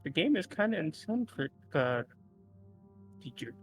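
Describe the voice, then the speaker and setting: A man's voice: a little high, very animated, unhurried, faint music behind, poor audio. A man playing a cheeky apprentice at a tabletop game, playful and stammering. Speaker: player. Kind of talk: in-character tabletop role-play.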